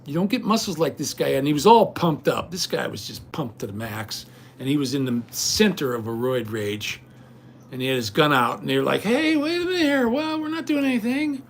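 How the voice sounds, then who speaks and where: A man's voice: medium pitch, lively intonation, brisk, vocal fry, a little hiss or hum. An older man hosting a livestream, ranting indignantly and rambling straight at his viewers. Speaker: livestream host. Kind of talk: casual rant to viewers.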